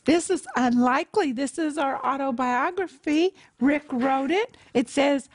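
A woman co-hosting a Bible teaching program, speaking with warm conviction. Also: fairly high pitch, moderate pace, hardly any pauses. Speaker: co-host.

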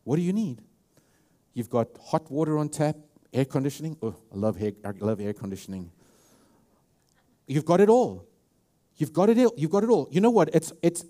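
A man's voice: fairly high pitch, big pitch swings, normal speed, dark tone. South African man preaching a sermon. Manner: repetitive, emphatic, with many restarts. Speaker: pastor.

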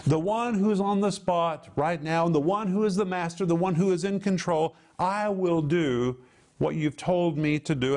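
A man with a somewhat high voice teaches from the Bible in a televised program. He leans hard on key words and draws them out for emphasis. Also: darkish tone. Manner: emphatic, drawn-out stresses on key words, explaining Greek word meanings.

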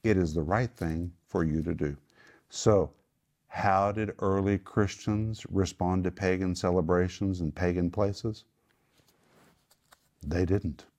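A low-voiced man leads a home-group Bible teaching as its host. He speaks emphatically, leaning hard on the words he wants to stress. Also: steady tone, slow pace, darkish tone.

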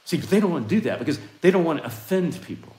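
A man preaching a fiery sermon, reading scripture and swinging from hushed asides to loud, impassioned outbursts. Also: on the high side, sing-song, quick pace. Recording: echoey room.

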